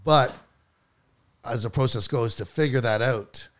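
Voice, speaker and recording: A man co-hosting a podcast in casual chat, rambling and repeating himself with halting starts. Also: mid-range voice. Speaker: podcast co-host.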